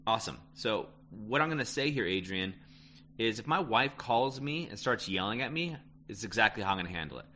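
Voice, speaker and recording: A man's voice: on the low side, expressive, fairly quick, pushed and bright. A man coaching listeners on relationships in a casual, emphatic way, often tagging lines with "right?". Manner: emphatic, repeats "right?" and "end of story". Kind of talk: casual advice talk.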